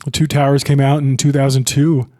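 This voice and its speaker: A man's voice: mid-range voice, little pitch movement, fairly quick, dark tone. A young man co-hosting a podcast, chatting loosely about a film and swearing often. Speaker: podcast co-host. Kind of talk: casual film discussion.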